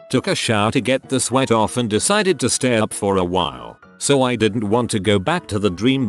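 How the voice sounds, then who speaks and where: A man narrating online posts in a steady, even read-aloud delivery. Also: on the low side. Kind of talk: scripted narration.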